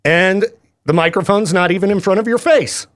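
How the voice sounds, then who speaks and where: A man's voice: sits high, fairly bright tone. A man hosting a radio show, chatting casually and jokingly in a studio with a microphone. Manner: jokey, chatty, quick laughs. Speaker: radio DJ host.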